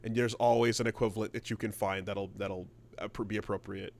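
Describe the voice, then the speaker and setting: A man's voice: on the low side, level tone, fairly quick, vocal fry. A man co-hosting a podcast in casual chat, rambling with lots of restarts. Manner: rambling, many fillers and restarts. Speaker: podcast co-host.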